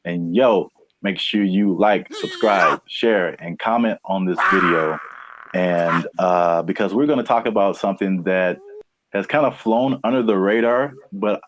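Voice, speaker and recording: A man's voice: low voice, measured pace, noisy background. A man from California co-hosting a casual podcast, rambling and laughing often. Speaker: podcast co-host.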